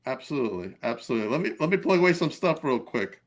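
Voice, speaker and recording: A man's voice: medium pitch, sing-song, quick pace. A man hosting a podcast, upbeat and chatty in casual interview chat. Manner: upbeat, laughs often between lines. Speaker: podcast host.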